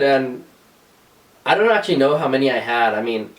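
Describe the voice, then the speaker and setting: A man's voice: medium pitch, quick pace, far from the mic. A man co-hosting a podcast in casual chat, telling stories with lots of swearing and put-on voices. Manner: swears a lot, animated storytelling with voices. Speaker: podcast co-host.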